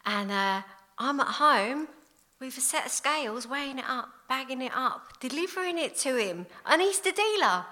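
A woman, giving a candid, blunt recovery testimony in an animated storytelling way. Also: high voice, normal speed. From London. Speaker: recovery speaker. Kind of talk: personal testimony talk.

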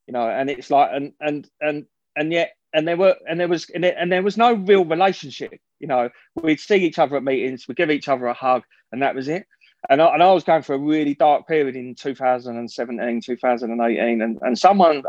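A man's voice: medium pitch, darkish tone, dry recording, dull audio. A man giving a frank, rambling personal share at a recovery meeting, swearing and restarting his sentences often.

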